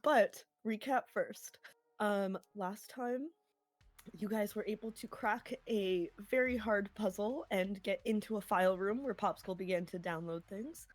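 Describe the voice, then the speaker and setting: A woman's voice: medium pitch, no room sound. Giggly woman game master, dry sound. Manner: giggly, quick asides. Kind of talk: recapping and running a tabletop game.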